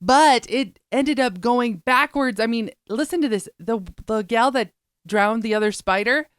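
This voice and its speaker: A woman's voice: a little high, a little slow, clear, resonant tone, no echo, clean studio sound. A woman co-hosting a show, chatting casually about news stories. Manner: chatty, storytelling, laughs easily. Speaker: co-host.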